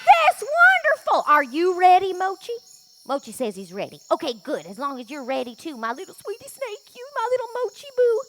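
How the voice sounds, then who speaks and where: Woman playing a squeaky, gushing lady. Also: huge pitch swings, moderate pace, a bit bright, exaggerated voice. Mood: excited. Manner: gushing, exclamatory and folksy. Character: bubbly, excitable ditzy lady with a pet snake. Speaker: children's camp storyteller. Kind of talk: children's ministry skit storytelling.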